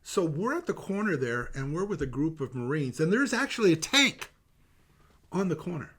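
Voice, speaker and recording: An older man, a retired detective, telling stories in an interview. He is animated, laughs often and stops to restart with many fillers. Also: fairly high pitch, normal speed, breathy edge. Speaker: retired homicide detective, guest. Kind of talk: animated anecdotal storytelling.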